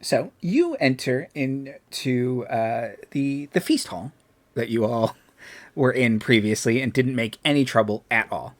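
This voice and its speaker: A man in a middle register narrating a tabletop role-playing game as game master. He hesitates often, filling pauses with ums and uhs. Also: medium pitch, lively intonation.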